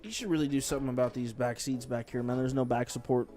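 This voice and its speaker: Dry-humored man in mid pitch, teasing. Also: fairly even intonation, fast, mellow, soft background music. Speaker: pool stream co-commentator. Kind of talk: casual live commentary.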